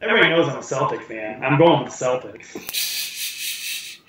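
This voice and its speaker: Man, sports show co-host, rambling casual chat, lots of fillers, clear background noise. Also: mid-range voice, animated, normal speed, a bit bright, poor audio.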